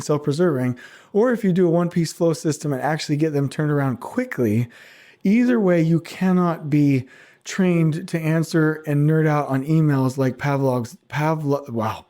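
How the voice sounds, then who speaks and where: A middle-aged man hosting a podcast alone, talking casually and teasing his listeners with quick asides. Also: on the high side, dark tone. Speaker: podcast host. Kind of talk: casual solo podcast monologue.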